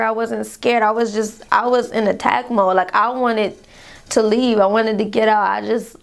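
A woman's voice: on the high side, vocal fry, clear, resonant tone. A young woman telling a painful personal story to her viewers in a vlog, rambling, calling them y'all, fighting back tears. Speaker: vlogger.

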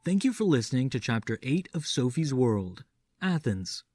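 A man narrating an audiobook in a measured, theatrical manner, doing an impression of a classic horror-film actor. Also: mid-range voice, big pitch swings, a little mellow. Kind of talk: audiobook reading doing a Vincent Price impression.

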